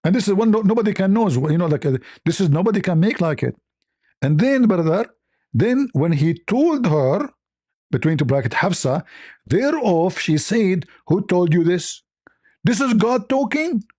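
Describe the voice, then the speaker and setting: A man with a fairly high voice gives sarcastic commentary on his own. He sounds mocking and disbelieving, and he keeps repeating his points. It is a dry, close recording with no room sound. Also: very animated, normal speed, darkish tone, breathy edge, no echo. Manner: mocking, incredulous, repeats himself, laughs at the text. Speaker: online commentator.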